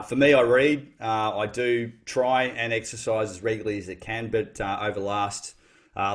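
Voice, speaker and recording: Low-voiced reflective man. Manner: thoughtful, reflective, many restarts. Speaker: guest. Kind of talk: casual podcast chat.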